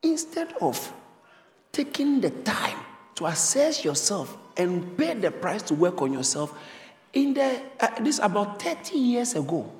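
A man's voice: high-pitched, big pitch swings, a little slow. A man preaching a sermon as pastor, emphatic and repeating phrases for stress. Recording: reverberant hall.

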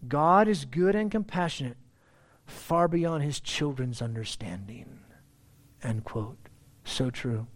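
A man's voice: mid-range voice, slow pace. Man preaching in a conversational tone. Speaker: pastor. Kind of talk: sermon.

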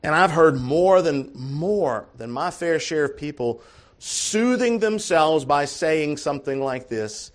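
A male pastor preaching a sermon, emphatic and dramatic, dropping to quiet asides and then rising to shouted calls. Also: fairly high pitch, expressive, slow pace.

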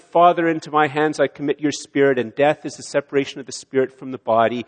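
A man preaching a sermon in a church, swelling loud on key lines and dropping low and quiet on others. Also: moderate pace. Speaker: pastor. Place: church sanctuary. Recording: long hall reverb of a church.

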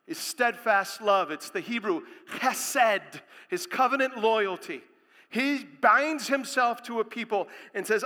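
A man preaching a sermon as pastor, speaking emphatically and building to loud proclamations. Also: high-pitched, animated, slow pace, in a large hall.

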